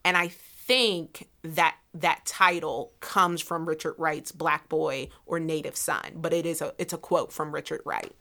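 A woman co-hosting a podcast in casual chat, telling stories in an animated way with many likes. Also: deep voice, a little slow, few pauses. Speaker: podcast co-host.

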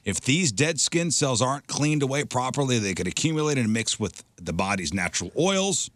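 A man's voice: mid-range voice, sing-song, normal speed, fairly bright tone, no echo. A man hosting a radio show, reading a segment aloud with laughing asides in casual banter.

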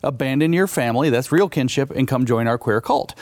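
A man speaking as an author and interview guest, arguing his points emphatically at a mid pitch. He slows right down on key phrases, and the recording is dry and close. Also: a little mellow, no echo.

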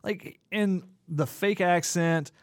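Man, fairly high voice, podcast co-host, opinionated rant, dry close mic. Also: slow, no echo. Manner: opinionated, ranting, dry jokes. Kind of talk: casual chat.

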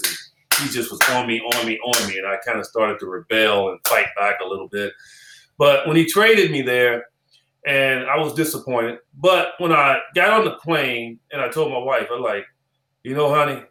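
A man in his sixties, a former player turned analyst, tells stories in an interview chat. His voice is bright and forceful, and he acts out quoted lines and repeats phrases for emphasis. The recording sounds roomy and echoey. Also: fairly low pitch. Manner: animated storyteller who acts out quoted dialogue and repeats phrases. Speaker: former basketball player and analyst as podcast guest.

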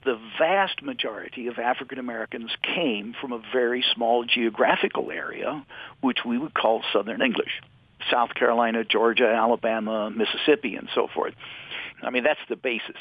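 A man, a linguistics professor, explaining in a measured, lecturing way in an interview. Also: medium pitch, no echo, narrow, tinny audio. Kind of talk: expert interview.

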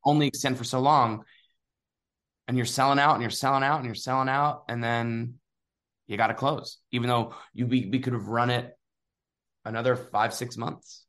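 A man's voice: medium pitch, little pitch movement, moderate pace, a bit bright. A man in a casual chat, speaking in a hesitant, thoughtful way as co-host.

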